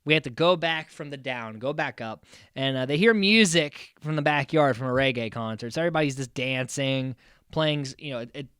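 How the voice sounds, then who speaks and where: Brisk and smooth, this mid-range male voice belongs to an American podcast host casually recapping a reality show. He's lively, acting out cast quotes, swearing freely and saying lots of filler words. It's a dry recording with clean studio sound.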